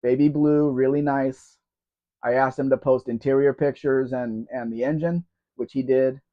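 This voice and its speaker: Speaking at a normal speed with a steady, medium-pitched tone, this man hosts a live Q&A stream from a room in his home despite a sore throat. He rambles casually, reads viewers' comments, and calls them by name, all over muffled, dull lo-fi audio.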